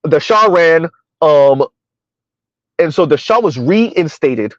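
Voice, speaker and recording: A middle-aged man hosts a commentary channel's casual live stream, rambling with lots of fillers and laughter. His voice is fairly high and animated, and he talks slowly. The recording is dull, lo-fi and dry, with no echo.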